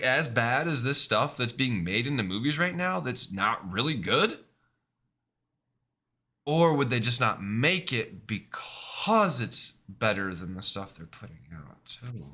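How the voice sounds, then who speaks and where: A man's voice: medium pitch, bright, forceful tone. A man streaming and chatting casually, rambling with lots of fillers and "right?" tag questions. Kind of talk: casual chat.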